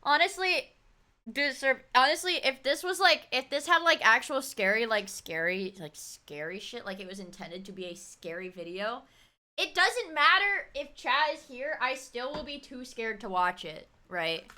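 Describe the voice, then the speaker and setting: A woman with a high, bouncy voice that swings all over as she rambles through a casual stream chat. Her tone is bright and sharp, and she jokes around with crude slang. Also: lively intonation, normal speed. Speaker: livestream host.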